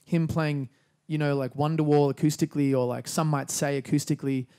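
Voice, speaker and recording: A young man with an Australian accent, a musician guest talking in a relaxed, rambling way with lots of fillers. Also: a little high, fairly quick. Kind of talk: casual interview chat.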